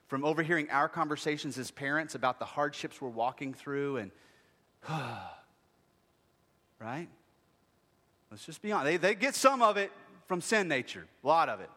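A man preaches in a big church hall, his voice bright and ringing with long reverb. His pitch swings widely as he jokes and acts out whiny voices. He sounds like a pastor in his thirties. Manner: lively, jokey preaching with acted voices. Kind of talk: sermon. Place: church sanctuary.

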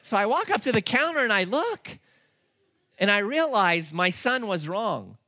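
Forceful, bright-voiced man preaching. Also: high-pitched, dry recording. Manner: animated, acts out dialogue in his stories; slows down and leans on words for emphasis. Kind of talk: storytelling sermon.

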